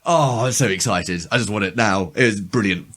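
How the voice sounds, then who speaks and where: A man's voice: on the low side, normal speed, a bit bright, slightly rough. A man co-hosting a casual podcast chat who rambles with frequent restarts and a dry, amused, sarcastic tone. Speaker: podcast co-host.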